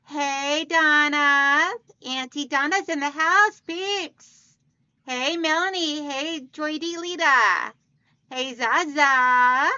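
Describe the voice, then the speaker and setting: A woman hosting a casual quilting livestream, chatting warmly with viewers and greeting them by name as hon and sweetheart. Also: high voice, slow, no echo, lo-fi sound.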